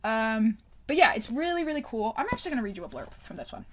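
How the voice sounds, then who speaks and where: A young woman talking straight into a camera at her desk with a somewhat high voice. She chats casually and rambles, filling the gaps with ums and likes. She giggles often and slips into soft, self-conscious whispers. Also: sing-song, fast, slight background noise. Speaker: book vlogger. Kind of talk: casual chat.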